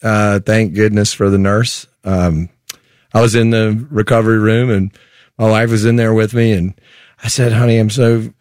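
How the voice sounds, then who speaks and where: A man's voice: lowish voice, steady tone, moderate pace, darkish tone, dry recording. Mid-voiced male guest, jokey stories about himself, dry studio sound. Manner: self-deprecating storyteller. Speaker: musician guest. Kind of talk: casual talk show chat.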